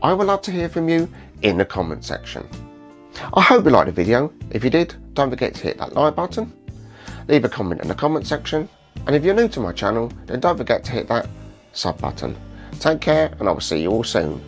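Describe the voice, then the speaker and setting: A man's voice: medium pitch, big pitch swings, brisk, soft background music. A British man hosting a reaction commentary, blunt and mocking in tone. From United Kingdom. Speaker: host.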